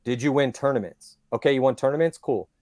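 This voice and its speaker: Here a podcast guest, a man, rattles along fast in a medium-pitched voice; the sound is studio quality with no echo. He talks at length in casual conversation, a long-winded and animated storyteller who makes his points with real energy.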